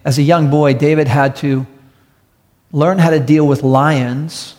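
In a church hall before an audience, a pastor delivers an earnest, story-driven sermon to his congregation, repeating key phrases for emphasis. His voice is on the high side and darkish, with a steady tone and measured pace. A long hall reverb colors the recording.

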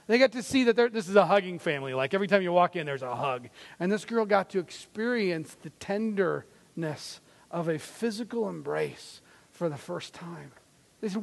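A high-pitched man delivers a sermon in an earnest, conversational way, stumbling and restarting now and then. His voice carries a long reverb from a church sanctuary. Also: expressive, moderate pace, creaky. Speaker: pastor.

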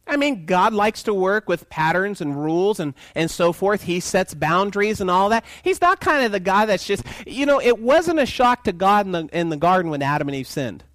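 Man, pastor, sermon, animated, lively swooping pitch, dry close sound. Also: moderate pace, hardly any pauses, dry recording. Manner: animated, asks the congregation questions, acts out voices in quotes.

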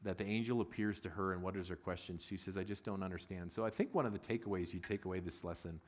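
A middle-aged man preaching a sermon as a pastor, conversational and humorous with loud excited bursts. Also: low voice, fast, long reverb tail.

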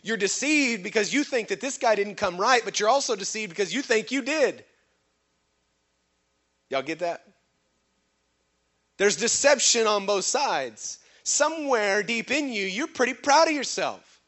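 A man's voice: lively intonation, unhurried, long pauses, fairly bright tone. A man preaching a sermon, questioning his congregation and drawing responses from them. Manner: acts out quoted voices with sudden pitch jumps. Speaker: pastor.

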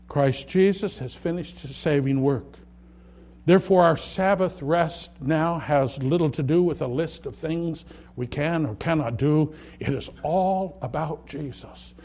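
A man preaching a sermon, earnest, rising loud on key words and dropping soft at the ends of thoughts. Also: fairly high pitch. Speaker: pastor.

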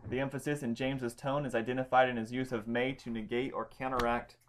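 A man's voice: medium pitch, little pitch movement, fast, a little hiss or hum. A man leading a casual Bible study, explaining Greek grammar with emphasis and frequent ums. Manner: informal, stresses key words, many ums and restarts.

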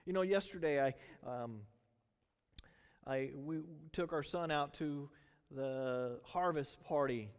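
A middle-aged man preaching a sermon in a church, in a conversational, animated storytelling manner. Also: mid-range voice, in a large hall. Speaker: pastor.

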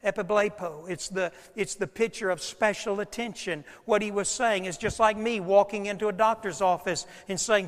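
A pastor preaching a sermon in a high-pitched male voice. He tells stories in a hushed tone and rises to loud, shouted passages. The sound carries the long reverb of a large hall. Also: fairly even intonation, normal speed, hardly any pauses.

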